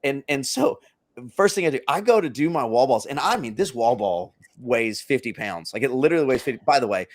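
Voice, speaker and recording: A man's voice: medium pitch, animated, brisk. A man co-hosting a podcast, telling a long story in a rambling, self-interrupting casual chat. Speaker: podcast co-host.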